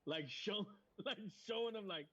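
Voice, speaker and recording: A man's voice: high voice, a little slow, a bit bright, husky, dull audio. A man taking part as a player in a tabletop game, talking casually.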